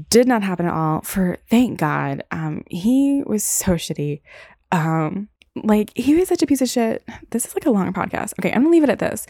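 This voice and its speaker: In this casual storytelling, a young woman hosting a podcast speaks in a warm, medium-pitched voice, rambling openly, cursing, and leaning heavily on "like" as she tells a lengthy personal tale. The sound is clean and dry, as in a studio.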